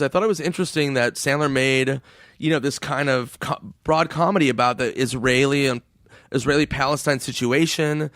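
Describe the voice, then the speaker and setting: Male comedian guest, higher voice, loose and profane, dry close mic. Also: no echo. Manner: profane, animated storytelling with lots of fillers. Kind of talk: casual podcast chat.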